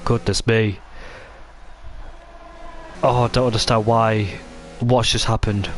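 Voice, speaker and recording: Excitable man commentating a racing game. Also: fairly low pitch, takes it slowly, faint music behind. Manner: excitable, chatty, with frequent restarts.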